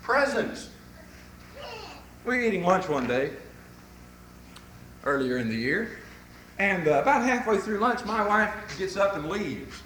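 A man preaching a sermon to a congregation, telling folksy stories in an animated way. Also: high-pitched, a little slow, pauses often, echoey room, a little hiss or hum, poor audio.

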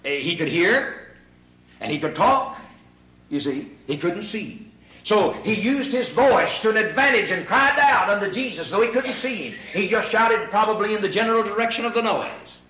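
A man preaching a sermon in a church hall. He addresses the congregation as ladies and gentlemen and swells into shouted emphasis on key points. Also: sits high, expressive, normal speed. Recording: echoey hall, far from mic.

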